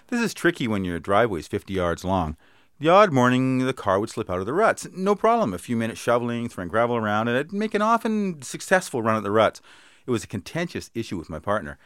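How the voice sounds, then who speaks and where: A man's voice: mid-range voice, very animated, quick pace, fairly bright tone, smooth, dry recording, studio quality. A man telling a humorous story and acting in comic sketches, wry and self-mocking. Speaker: comedy performer.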